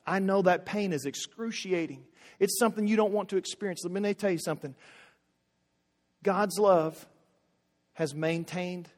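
A man preaching a sermon as pastor, emphatic and repetitive, swinging from loud calls to hushed words. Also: a little high, in a large hall.

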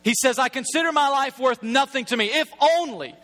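A man's voice: very high-pitched, a little fast, pushed and bright. A man preaching a sermon in a casual, humorous, conversational way, building to emphatic repeated phrases.

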